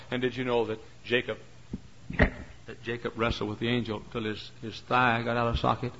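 A man preaching a sermon, telling stories and acting out their characters, his voice rising to shouts. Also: medium pitch, little pitch movement, normal speed, vocal fry. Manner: acts out characters, climbs to shouts. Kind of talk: animated sermon storytelling. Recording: dull lo-fi sermon recording.

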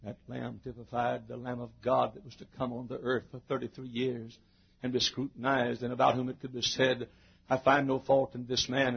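A man preaching a sermon who swings from hushed murmurs to shouted climaxes and acts out the quoted voices with little laughs. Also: mid-range voice, vocal fry, husky, muffled recording.

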